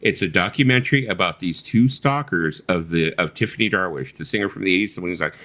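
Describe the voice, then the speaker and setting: A man's voice: low voice, a bit bright. A man co-hosting a casual late-night stream chat, swearing freely and laughing as he talks. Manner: profane, laughing, does quick impressions. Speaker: co-host.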